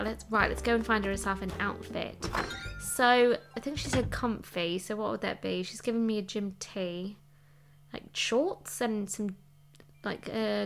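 A woman chatting playfully while she plays a game and thinks out loud, with game music behind. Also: mid-range voice, unhurried, creaky. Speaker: let's play host. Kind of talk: casual gameplay commentary.

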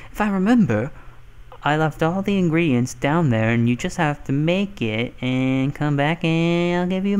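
A man's voice: a little high, clear, resonant tone. A man voicing a male Christmas elf who hands out quests, in a bungled foreign accent and a mock-formal reading tone.

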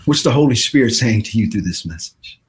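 A male pastor giving a dramatic sermon, swinging from shouting to hushed passages. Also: fairly low pitch, animated, brisk.

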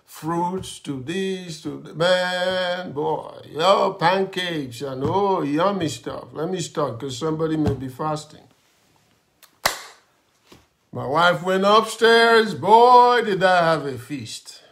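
Pastor guy preaching real slow, fairly high voice, acts out his own grumbling in the story. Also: creaky, a bit bright. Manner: slow, dramatic storytelling with grumbling asides and laughs. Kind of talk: sermon with personal testimony.

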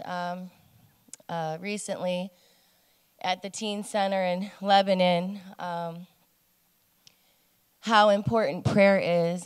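A woman gives a personal testimony in front of a congregation, hesitant and earnest, pausing often to find her words. Her voice is smooth and clear but stays flat in pitch. A long reverb from a large sanctuary hangs on her words. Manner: hesitant, many ums, speaking softly and earnestly. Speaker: congregation member giving a testimony. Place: church sanctuary.

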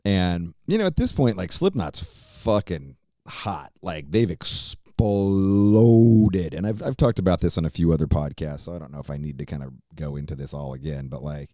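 Deep-voiced man telling a rambling story. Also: expressive, brisk, hardly any pauses, mellow, no echo, studio quality. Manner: profane, rambling, lots of fillers. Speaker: podcast host. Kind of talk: casual storytelling.

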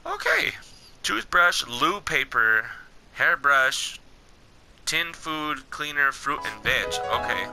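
A young man giving casual, excitable gameplay commentary, talking at the game characters in slangy speech. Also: fairly high pitch, slow, gravelly, rough recording. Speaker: gaming channel host.

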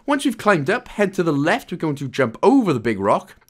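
Lively Welsh man narrating a game. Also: on the high side, a little fast, hardly any pauses. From Wales. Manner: chatty, jokey, loose with asides and fillers. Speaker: game guide presenter. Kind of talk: casual gameplay walkthrough commentary.

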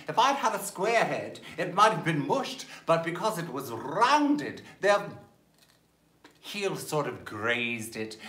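A man's voice: fairly high pitch, fairly bright tone, reverberant. A man in his fifties from Maryland with a Southern accent, hosting a campy cabaret show with languid, theatrical patter, calling everyone darling. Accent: Southern American. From Maryland, USA. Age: 50s. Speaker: cabaret host. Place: home during lockdown livestream.

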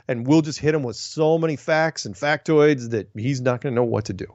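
A man talks casually as a host working through viewer mail, opinionated and rambling, often restarting his sentences. His mid-pitched voice is recorded dry and close. The sound is dull and lo-fi. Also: brisk, a little mellow, no echo. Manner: chatty, opinionated ranting with frequent restarts. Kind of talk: casual monologue, reading emails aloud.

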